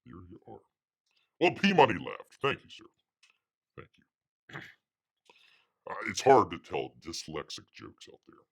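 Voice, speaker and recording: A man's voice: low voice, huge pitch swings, measured pace, creaky, long pauses, breathy edge. A man hosting a casual livestream, rambling with many fillers and calling himself by his nickname. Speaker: livestream host.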